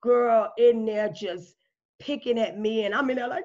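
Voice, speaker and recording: A woman guest in a casual interview, telling her story and acting out quoted dialogue with big jumps in pitch. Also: measured pace, darkish tone. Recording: slightly dull lo-fi audio.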